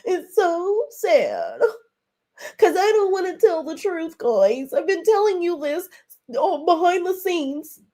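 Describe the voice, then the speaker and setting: A woman's voice: lowish voice, very animated, takes it slowly, fairly bright tone, heavily acted. A woman voicing a melodramatic, whiny reality-TV woman who fakes tears. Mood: fake crying. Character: tearful whiny woman reality star, dramatic.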